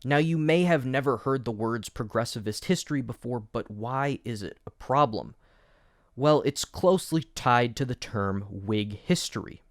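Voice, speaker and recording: A man's voice: medium pitch, animated, normal speed, no echo, clean studio sound. Wry man giving a history lecture. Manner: wry, jokey asides. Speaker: educational YouTube host. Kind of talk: video essay lecture.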